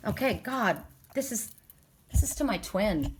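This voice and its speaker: A middle-aged woman talks through a spiritual reading in an earnest, heartfelt way. She rambles, restarts her sentences and circles back to her points. Her voice sits at an ordinary middle pitch for a woman. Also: lively intonation, measured pace, pauses often, noisy background. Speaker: oracle card reader. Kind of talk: spiritual reading, casual monologue.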